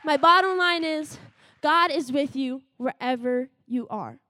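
A woman's voice: high voice, measured pace, bright, forceful tone, a little hiss or hum. A young woman giving a short sermon. She tells a personal story in an earnest way and acts out the dialogue. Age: young adult.

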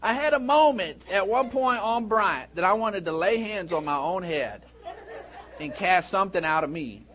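Animated higher-voiced man preaching. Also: moderate pace. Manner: animated storytelling, shouting when acting out scenes. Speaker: pastor. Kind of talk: sermon.

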